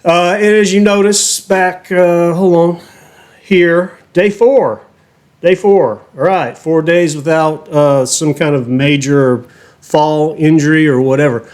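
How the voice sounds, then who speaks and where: A man's voice: on the high side, slow, darkish tone. A middle-aged man with a Southern American accent, hosting his own channel and telling stories in loose, profane casual chat, laughing often as he goes. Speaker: reaction channel host.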